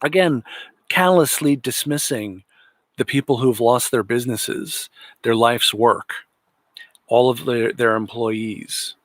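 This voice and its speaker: A man's voice: mid-range voice, slow, a bit bright, no echo. Indignant man ranting on a dry mic. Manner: indignant, sarcastic. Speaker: livestream host. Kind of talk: political commentary livestream.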